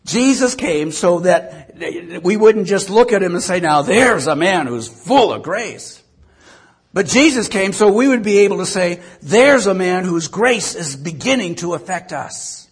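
An older male pastor with a husky, breathy voice that sits unusually high for a man. He preaches in a folksy, self-mocking way, tossing asides and questions to the congregation. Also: expressive, unhurried. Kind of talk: sermon.

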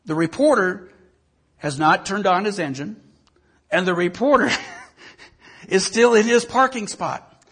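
Gravelly male pastor, animated storyteller, sermon. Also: high-pitched, unhurried, pauses often. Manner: storytelling, animated, repeats words.

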